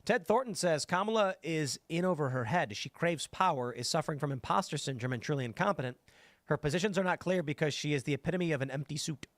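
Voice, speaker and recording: Animated man hosting a panel show. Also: a little high, fast talker, dry recording. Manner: animated, mimics voices when quoting. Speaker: show host. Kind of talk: casual political panel talk.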